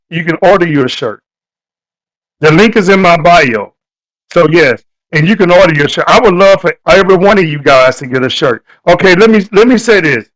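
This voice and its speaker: A man's voice: fairly high pitch, fairly bright tone, poor audio. A man hosting a casual live stream, talking to his viewers in a loose, repetitive, preachy way.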